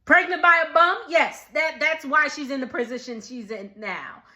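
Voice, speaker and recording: A woman, giving a sassy, animated casual recap and talking back to the people on screen. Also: high-pitched, normal speed, echoey room. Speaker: recap vlogger.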